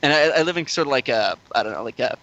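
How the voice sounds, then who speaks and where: Forceful, bright-voiced man telling stories. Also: mid-range voice, quick pace, dull audio. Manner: animated, heavy use of "like", swears freely, acts out quoted voices. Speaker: podcast co-host telling a dating story. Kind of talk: casual storytelling chat.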